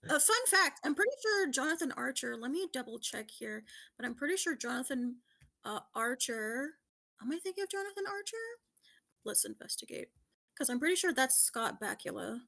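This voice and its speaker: A woman hosting a casual podcast quiz, excitable and quick to laugh. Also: sits high, gravelly. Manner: excitable, laughs often, quizmaster. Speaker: podcast host running a quiz.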